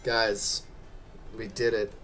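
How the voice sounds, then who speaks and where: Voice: medium pitch, flat delivery, slow, fairly bright tone, soft background music. A gamer giving casual commentary while playing, muttering encouragement to themselves and joking with chat. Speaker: let's play gamer.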